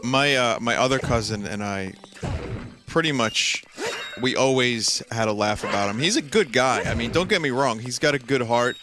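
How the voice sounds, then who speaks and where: A man's voice: medium pitch, animated, normal speed. A male streamer telling a long, rambling story while playing, full of fillers and laughs. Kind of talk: casual storytelling while gaming. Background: faint game music.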